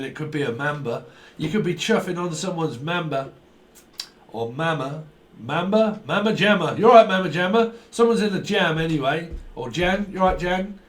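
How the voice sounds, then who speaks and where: Playful, punning tarot-reading man. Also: a little high. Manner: playful, punning, breaks into snatches of song and silly voices. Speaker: tarot reader. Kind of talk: rambling free-association tarot reading.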